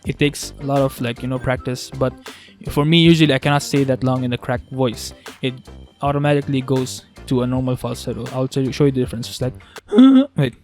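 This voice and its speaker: A man teaching a beatbox vocal technique in a casual tutorial, talking haltingly with restarts as he works out how to explain it. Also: mid-range voice, level tone, a little mellow, soft background music. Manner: halting, restarts, thinks aloud.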